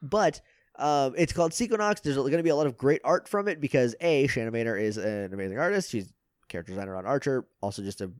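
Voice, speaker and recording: A man guest on a podcast, chatting casually and plugging his shows with quick asides. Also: medium pitch, no room sound, clean studio sound.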